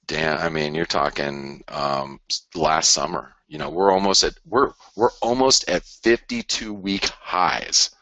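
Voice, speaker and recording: Over currency charts on a live trading broadcast, a man with a very deep, bright, forceful voice speaks at a measured pace. His commentary rambles and circles back on itself, full of mocking quotes of traders. The audio is dry and dull.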